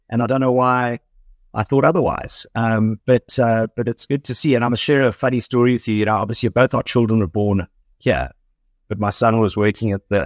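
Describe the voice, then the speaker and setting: Middle-aged South African man, South African accent, fund manager guest, low-ish voice, rambling and chuckly. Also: no echo, clean studio sound. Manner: rambling, self-correcting, laughs easily. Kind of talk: conversational interview.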